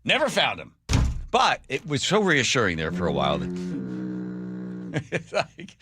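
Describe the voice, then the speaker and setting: A man's voice: on the high side, unhurried, long pauses. A man hosting a radio talk show, chatting casually in a wry, joking way. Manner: wry, joking, animated storyteller. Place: radio studio.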